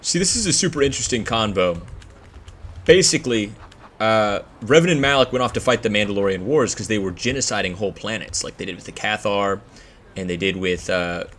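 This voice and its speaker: A man's voice: on the low side, expressive, a little fast, a bit bright. A young man giving casual, rambling let's-play commentary with slang and jokes. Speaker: gameplay commentator.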